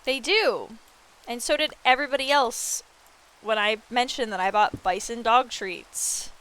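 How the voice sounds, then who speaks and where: A woman streamer with a bright, forceful, fairly high voice, chatting casually as she builds in a game. She tells stories in an animated way, jumping up in pitch when she quotes people, and swears freely. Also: a little slow, clean tone. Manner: animated storytelling with excited quoted reactions. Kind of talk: casual chat while gaming.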